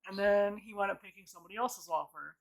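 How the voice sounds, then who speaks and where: A woman's voice: medium pitch, quick pace, gravelly. A woman telling a rambling, casual story-time vlog, full of fillers and restarts. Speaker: vlogger.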